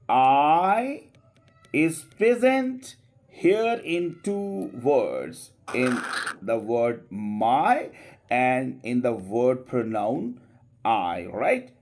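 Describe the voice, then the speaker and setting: A male English teacher, a native Urdu speaker, giving a classroom pronunciation lesson, modeling sounds slowly and coaxing students with repeated prompts. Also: mid-range voice, sing-song, darkish tone. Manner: slow, drawn-out modeling of sounds, coaxing students with "come on, please".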